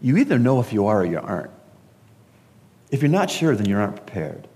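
A man's voice: fairly low pitch, sing-song, a little fast, a little mellow. A man preaching a funeral sermon, emphatic and asking his listeners pointed questions. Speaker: pastor. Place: church service. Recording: long reverb of a large hall.

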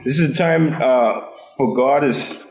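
A man's voice: medium pitch, measured pace, a little mellow, reverberant, poor audio. A man leading a Bible study class, asking the group questions and often repeating his words.

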